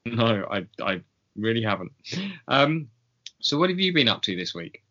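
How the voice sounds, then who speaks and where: Podcast co-host, man, bright tense tone, wry and laughing, muffled lo-fi audio. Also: mid-range voice, normal speed. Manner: wry, laughing, animated when opinionated. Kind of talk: casual chat.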